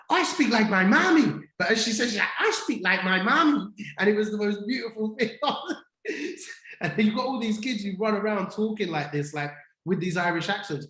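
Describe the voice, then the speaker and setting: A middle-aged man co-hosting a casual livestream chat, telling stories eagerly with lots of fillers and restarts. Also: fairly high pitch. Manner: enthusiastic storytelling with many fillers and restarts. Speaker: co-host. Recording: echoey room.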